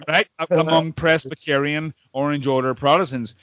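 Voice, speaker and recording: A man's voice: on the high side, fairly even intonation, moderate pace, hardly any pauses, very noisy. A Northern Irish man hosting a podcast over a video call, chatting with old friends in a rambling way, repeating words and swearing freely. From Northern Ireland. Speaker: podcast host. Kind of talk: casual chat among old friends.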